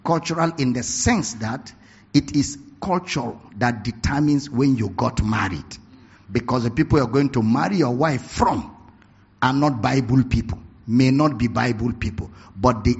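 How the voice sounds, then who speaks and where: A man preaching a sermon, telling stories with animated bursts of laughter and shouting. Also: mid-range voice, normal speed, husky. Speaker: pastor. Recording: dull lo-fi recording.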